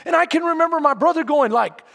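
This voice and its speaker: A preacher from San Antonio, Texas, telling a story in a sermon to his congregation, animated and often shouting, then quiet and earnest. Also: extremely high pitch, fast, creaky. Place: large hall, speaking to a congregation. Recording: long hall reverb.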